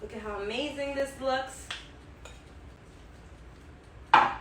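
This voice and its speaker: A woman's voice: sits high, slow pace, heavy background noise. A woman hosting her own cooking vlog, chatty and enthusiastic, repeating herself as she cooks and tastes. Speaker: home cook, channel host. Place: home kitchen. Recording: echoey kitchen, mic at a distance.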